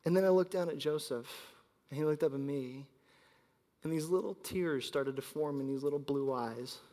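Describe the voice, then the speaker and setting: A man in his thirties preaching a sermon as pastor, telling stories and swinging between loud emphasis and quiet asides. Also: fairly high pitch, moderate pace. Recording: long hall reverb.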